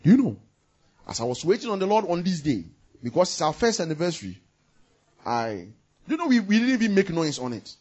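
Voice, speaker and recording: Husky-voiced pastor guy preaching, swoops up and down a lot, kinda high. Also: very animated, a little fast, dull audio. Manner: impassioned, swings from loud bursts to near murmurs; repeats phrases for emphasis. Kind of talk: sermon.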